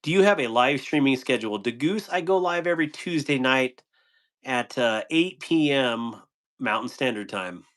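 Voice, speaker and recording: A man's voice: medium pitch, animated, normal speed, fairly bright tone. A man hosting a live stream, reading and answering chat comments in a playful way, laughing often and tripping over tongue twisters.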